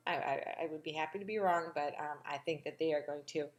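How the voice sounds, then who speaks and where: A woman hosting a casual, gossipy recap of a reality show, sassy and animated. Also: quick pace. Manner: animated, gossipy and sassy, with big pitch swings.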